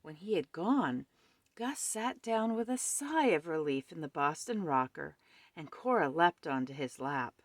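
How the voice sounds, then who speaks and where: A woman reading a children's picture book aloud at home with expressive storytelling. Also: sits low, unhurried, no room sound.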